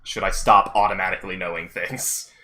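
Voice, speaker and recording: A man's voice: low-pitched, little pitch movement, a little fast, pushed and bright. A man playing a tabletop game, chatting in a playful, eager, rambling way. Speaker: player. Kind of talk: casual tabletop play.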